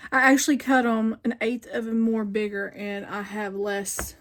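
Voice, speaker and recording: A woman hosting a casual sewing tutorial, thinking aloud and rambling as she grows frustrated with her work. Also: on the high side. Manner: talks to herself, frustrated and rambling. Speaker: quilting video host. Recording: sewing machine noise behind.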